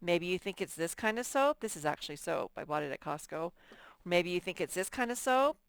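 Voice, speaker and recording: A woman's voice: fairly low pitch, animated, brisk, clean tone, no echo. A woman teaching a reading lesson to young children, drawing out words and sounding out letters. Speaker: first-grade teacher.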